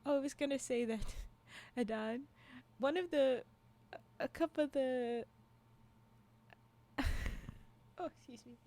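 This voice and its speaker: A woman livestreamer rambles casually with her viewers through asides, laughing often, frequently restarting and trailing off. Her voice sits high and warm, slow-paced with frequent pauses.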